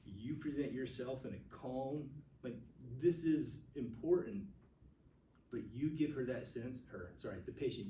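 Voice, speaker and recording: A man's voice: mid-range voice, noisy background. A man, a nurse, teaching a first aid class to a room of people, sharing personal stories earnestly and openly admitting his emotions. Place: classroom with audience. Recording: echoey room recorded from far off.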